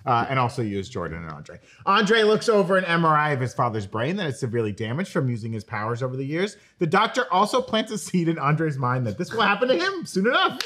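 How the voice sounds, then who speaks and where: A man's voice: a little high, big pitch swings, pushed and bright. A young man in his twenties hosting a casual TV review chat, recapping the plot with jokes. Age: 20s. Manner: joking, recaps plot quickly. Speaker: host.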